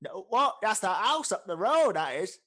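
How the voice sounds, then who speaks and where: A man voicing a gruff male orc innkeeper with a bolted-on jaw, shouting short impatient questions in a raised, strained voice. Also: big pitch swings, moderate pace, exaggerated voice. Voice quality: loud, high, barking shouts.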